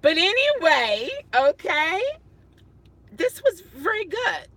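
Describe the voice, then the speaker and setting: A woman's voice: extremely high pitch, big pitch swings, slow, bright, forceful tone, dry recording. A woman rideshare driver chatting casually on a phone livestream from her parked car at night, flustered and exclaiming often. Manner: flustered, exclaiming and laughing at herself.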